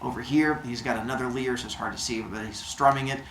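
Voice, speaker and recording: A man's voice: mid-range voice, steady tone, fast talker, fairly bright tone, slight background noise. A man hosting a show, retelling myths comically with goofy sound effects and silly noises. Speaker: storyteller host. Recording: roomy echo.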